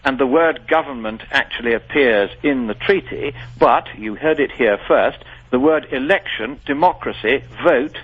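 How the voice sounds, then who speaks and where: A man's voice: mid-range voice, normal speed, few pauses, breathy edge. A man being interviewed on the radio, speaking in an articulate, formal and emphatic way. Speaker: guest. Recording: dull lo-fi radio broadcast.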